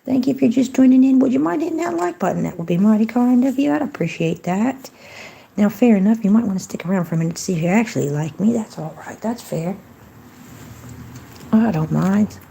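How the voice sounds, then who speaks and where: A woman hosting a casual livestream, chatting to viewers, giving blessings and greetings, and often dropping into soft whispered asides. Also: medium pitch, animated, brisk, gravelly. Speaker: livestream host.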